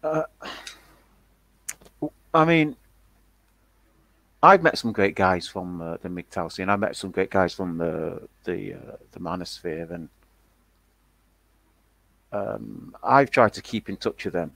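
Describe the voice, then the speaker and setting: A man in casual chat, talking haltingly with many fillers and restarts. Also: low-pitched, lively intonation, gravelly, fairly bright tone, dry recording, low-quality recording.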